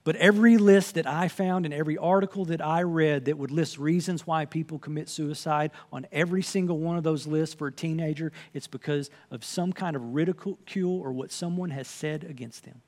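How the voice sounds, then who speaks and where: High-voiced man preaching earnestly. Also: normal speed, a little mellow. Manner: earnest, conversational preaching with scripture quotes. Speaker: pastor. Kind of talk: sermon.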